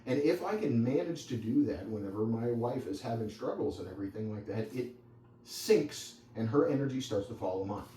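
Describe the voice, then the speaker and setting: Speaking at a medium pitch, he sounds expressive and mellow, moving along at a fairly quick clip. He's a dog trainer leading a small group in a loose, chatty style peppered with anecdotes and digressions. Echo from the room, a distant microphone, and faint background noise color the audio.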